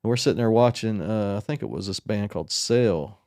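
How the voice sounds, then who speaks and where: A man in his forties co-hosting a casual chat, telling a story in a rambling, self-mocking, animated way. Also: fairly low pitch, a little fast, dry recording, studio quality. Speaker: podcast co-host.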